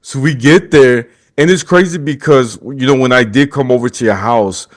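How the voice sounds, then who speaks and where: A young podcast host tells a story casually, acting out quotes and laughing often. His voice is medium-pitched, at a moderate pace.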